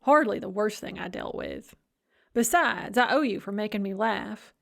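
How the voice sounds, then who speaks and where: A woman voicing a blunt, caring female friend who talks in a brisk, gruff, clipped way. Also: medium pitch, lively intonation.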